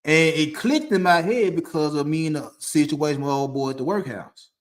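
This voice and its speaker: A man's voice: fairly high pitch, moderate pace. Man telling a story in a loose, rambling way. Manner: loose, conversational, with frequent restarts and laughs. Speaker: podcast host. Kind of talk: casual storytelling to camera. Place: dim room indoors. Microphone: streaming setup mic.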